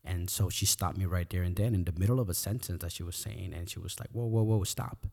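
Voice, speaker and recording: A man's voice: low-pitched, steady tone, fast talker, gravelly, a little mellow. A middle-aged man hosting a podcast, talking earnestly and reflectively, often repeating words as he thinks. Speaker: podcast host. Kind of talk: reflective personal talk.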